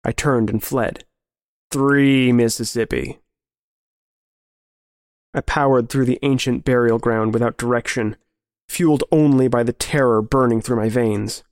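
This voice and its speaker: A man narrating a grim story in a measured, serious way. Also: medium pitch, fairly even intonation, dry recording, clean studio sound. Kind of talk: scripted horror story narration.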